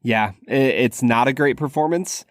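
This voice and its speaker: A man's voice: mid-range voice, normal speed, no echo, studio quality. A man in his thirties co-hosting a podcast, talking about a film in a laid-back, joking way. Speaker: podcast co-host. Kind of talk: casual movie discussion.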